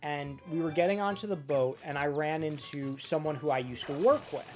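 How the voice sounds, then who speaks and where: A man's voice: on the high side, moderate pace, darkish tone, faint music behind. A man co-hosting a stream, chatting casually and making jokes. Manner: joking, laughs along. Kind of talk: casual chat.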